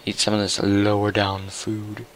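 A young man giving casual, chatty commentary while playing a video game, muttering to himself and getting excitable. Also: lowish voice, unhurried, noisy background. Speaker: gaming YouTuber.

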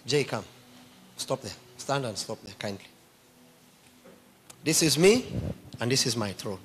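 A man's voice: mid-range voice, lively intonation, unhurried, a bit bright, slight background noise. A man preaching a sermon, emphatically quizzing his congregation with questions.

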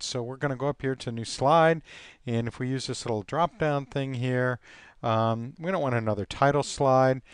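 Man, software tutorial, relaxed with lots of ums, smooth clear voice, dry close sound. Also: medium pitch, dry recording. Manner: relaxed, thinking aloud with many ums and uhs. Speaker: teacher. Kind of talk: screen-recorded software tutorial.

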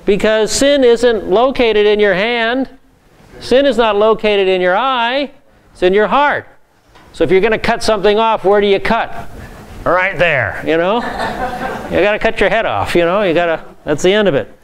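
A male pastor teaching a Bible class, reading scripture and explaining it with lively asides. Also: high voice, normal speed.

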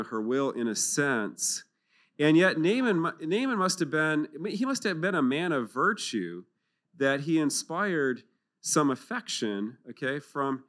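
Bright-voiced man giving a lively talk. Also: on the high side. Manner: animated, jokey, acts out the biblical figures in funny voices. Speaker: speaker at a clergy retreat. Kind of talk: lively retreat talk on scripture. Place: conference hall.

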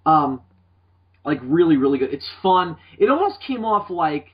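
A man's voice: fairly high pitch, very animated, moderate pace, slightly rough. A young man hosting a podcast in casual chat, rambling and swearing often. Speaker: podcast host. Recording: dull lo-fi podcast audio.

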